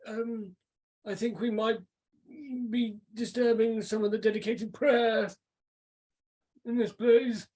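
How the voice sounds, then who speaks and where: A man's voice: high voice, flat delivery, takes it slowly, long pauses, poor audio. A man playing a courteous, hesitant male priest. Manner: polite, hesitant, gently formal.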